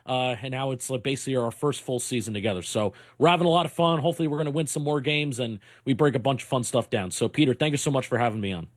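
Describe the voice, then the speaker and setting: A man plugging his sports podcast in a relaxed way, with many fillers. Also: medium pitch, quick pace, few pauses, no echo, clean studio sound. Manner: relaxed plug, filler-heavy. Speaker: podcast co-host guest.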